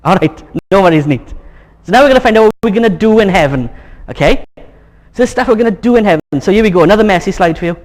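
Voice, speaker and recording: A man with a notably high voice preaching to his congregation in a chatty, joking way. He keeps coaxing the room to get excited and talks like he's among friends. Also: fast. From Wales. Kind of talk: sermon. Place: church hall.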